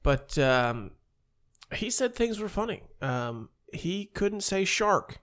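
Podcast host, male, from Ohio, loud and animated storyteller, casual banter. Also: high voice, takes it slowly. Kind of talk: casual chat.

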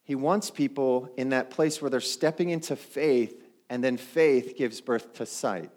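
A man's voice: mid-range voice, a little slow, darkish tone. A middle-aged male pastor preaching a sermon in a conversational way, often putting questions to the congregation.

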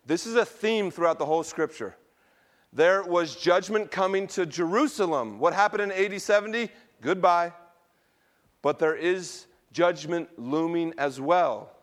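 A middle-aged male pastor preaching a sermon, telling personal stories in a relaxed, conversational way and laughing at himself now and then. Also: high-pitched, a little slow.

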